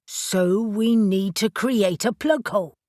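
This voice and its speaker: A woman's voice: medium pitch, slow pace, a little mellow, no room sound, clean studio sound, natural voice. A woman narrating an audiobook voices a blunt, sarcastic young male witch who swears freely. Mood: questioning. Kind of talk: audiobook character voice.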